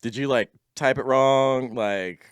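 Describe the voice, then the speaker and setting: A man's voice: medium pitch, takes it slowly, clean tone. A man, a podcast guest, telling stories in a laid-back casual way, laughing often and filling with "like". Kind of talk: casual storytelling chat.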